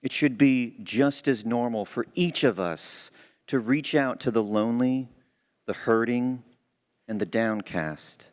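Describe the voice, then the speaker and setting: A man's voice: medium pitch, slow pace. A man giving a church talk, telling a story in an earnest, conversational way. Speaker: church speaker. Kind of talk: sermon storytelling.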